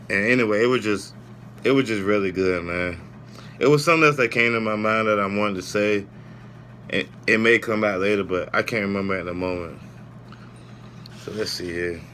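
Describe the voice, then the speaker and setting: Casting: man, low-ish voice, bright and forceful, loose rambling reviewer, faint vehicle hum behind. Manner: rambling, heartfelt, frequent "man" and "you know". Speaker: wrestling show reviewer. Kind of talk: casual spoken review.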